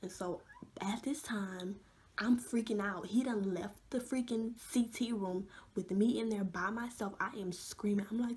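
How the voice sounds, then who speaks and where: Mellow-voiced young woman telling a story. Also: medium pitch, unhurried. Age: young adult. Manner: animated storytelling, many fillers, drops to a hush. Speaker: vlogger. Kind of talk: storytime vlog.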